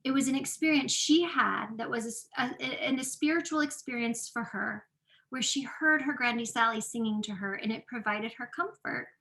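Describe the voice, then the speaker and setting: A woman's voice: a little high, moderate pace, bright, forceful tone. A woman presenting an online workshop, speaking earnestly and conversationally with frequent fillers into a computer microphone.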